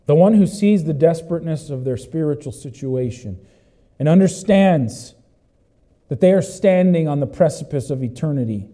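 A man preaching a sermon, emphatic and repetitive, asking the congregation questions and swinging between loud cries and low, intense passages. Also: lively intonation, normal speed, rough recording. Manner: repeats phrases, asks the congregation questions. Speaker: pastor.

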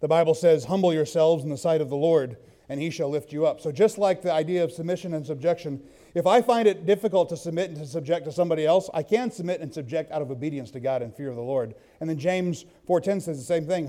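A man's voice: on the high side, fast talker, dark tone. A man preaching a sermon in a church, telling personal stories in a loose conversational way and reading scripture aloud.

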